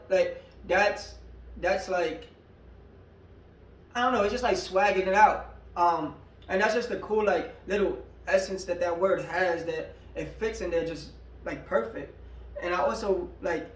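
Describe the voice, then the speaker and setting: A man's voice: sits high, a little slow. A male rapper casually breaking down his own lyrics in a slangy, laid-back way, full of filler words. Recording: echoey room, a bit far from the mic.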